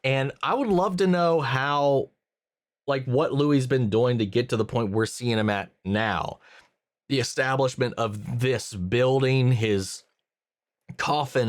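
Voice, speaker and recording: A man's voice: medium pitch, slow, no room sound. A man hosting a reaction channel, thinking aloud about a series episode in a casual review with many fillers and restarts.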